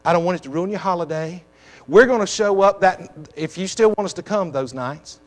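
In a church sanctuary, a male pastor delivers a sermon to his congregation through emphatic, repetitive exhortations. He speaks a little fast in a high-pitched voice.

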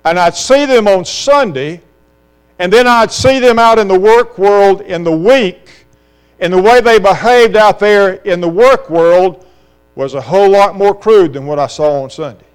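A man's voice: sits high, measured pace, clear, resonant tone. A middle-aged man from South Carolina, preaching an impassioned sermon full of rhetorical questions. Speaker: pastor.

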